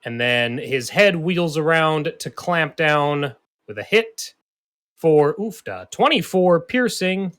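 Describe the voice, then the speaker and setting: Bright-voiced male game master. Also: fairly high pitch, slow. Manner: relaxed, laughs often. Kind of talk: narrating a tabletop game.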